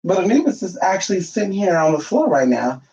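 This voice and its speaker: A man vlogging casually from home, sassy and profane, cooing baby talk at his dog, his voice a little hoarse. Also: high voice, sing-song, brisk, darkish tone, dull audio. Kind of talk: casual chat to camera.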